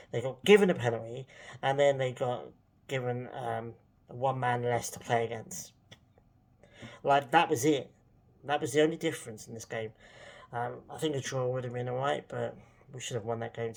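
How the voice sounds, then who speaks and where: A man's voice: mid-range voice, normal speed, creaky. A man, a football fan vlogger, ranting casually in an exasperated, sarcastic way, rambling with plenty of fillers.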